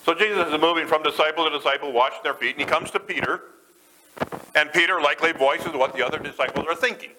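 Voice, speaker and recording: A man's voice: fairly high pitch, quick pace, pushed and bright, slight background noise, poor audio. A man preaching a sermon to a church, talking conversationally and putting questions to the congregation. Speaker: pastor.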